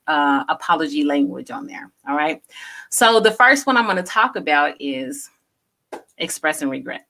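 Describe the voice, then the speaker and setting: A woman's voice: fairly low pitch, pushed and bright. A woman co-hosting a casual talk show, explaining things earnestly and often saying "you know". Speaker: co-host.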